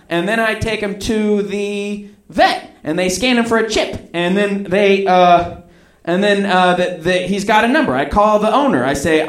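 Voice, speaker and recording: A man with a slightly higher voice tells a personal story in a loose, rambling way. He acts out the other people's lines as he goes. The recording has a roomy echo. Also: fairly bright tone.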